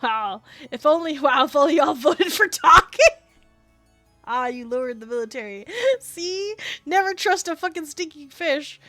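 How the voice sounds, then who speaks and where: A woman streamer chats casually with her viewers while playing, excitable and quick to laugh and swear. Her voice sits high and sounds bright and sharp. Faint music plays behind her. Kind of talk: casual live-stream gaming chat.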